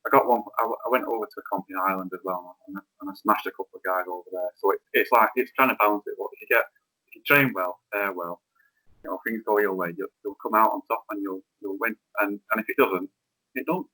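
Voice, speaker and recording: Low, bright-voiced man, halting speech. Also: rough recording. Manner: halting, repeats words as he talks. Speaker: head teacher, podcast guest. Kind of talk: casual chat.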